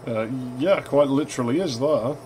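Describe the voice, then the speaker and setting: A young man casually commenting on a retro game as he plays. He wanders into anecdotes, laughs at his own stories and swears freely. His voice sits at an ordinary middle pitch, with a faint background hum. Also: moderate pace, a little mellow. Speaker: gaming channel host.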